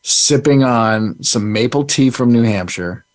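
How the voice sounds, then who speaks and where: A man's voice: medium pitch, unhurried, no room sound. Easygoing man co-hosting a chat. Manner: easygoing, rambling storyteller. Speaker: co-host. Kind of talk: casual chat.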